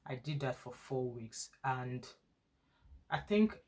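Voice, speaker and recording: A woman's voice: a bass voice, lively intonation, slow pace, a little mellow. A woman, a student nurse and mother, telling a long personal story in a casual vlog, rambling and often restarting her sentences. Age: adult parent of school-age children. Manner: rambling, frequent restarts and repetition.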